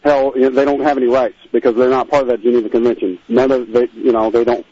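A man's voice: mid-range voice, level tone, fast, warm tone, husky, dry recording, lo-fi sound. A man calling in to a radio show, explaining hesitantly with fillers. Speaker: caller. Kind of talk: phone-in call.

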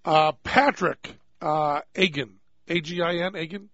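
A radio host rambles casually, joking and laughing, in a fairly high, slightly bright voice. He's in a radio studio on a studio microphone, with no room sound and a dry, dull-toned recording.

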